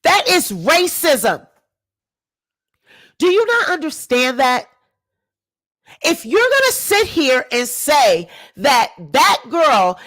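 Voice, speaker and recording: A woman giving an indignant ranting commentary to her viewers, repeating her points emphatically and swinging between sharp exclamations and low muttering. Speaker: commentary YouTuber.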